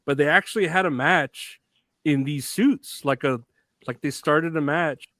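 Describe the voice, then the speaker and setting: A man's voice: a little high, a little slow, sharp tone, no room sound. Laughing wrestling podcast co-host, man. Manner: rambling, laughs often, casual swearing. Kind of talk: casual chat.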